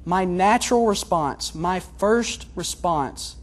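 A man preaching a sermon in an earnest, confessional way, moving between hushed and loud passages. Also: high voice, slow pace. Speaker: pastor.

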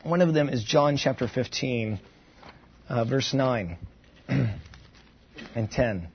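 A man's voice: medium pitch, lively intonation, takes it slowly, muffled recording, slight background noise. A man giving an informal Bible lesson, thinking aloud with asides and restarts. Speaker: Bible teacher. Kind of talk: conversational Bible teaching.

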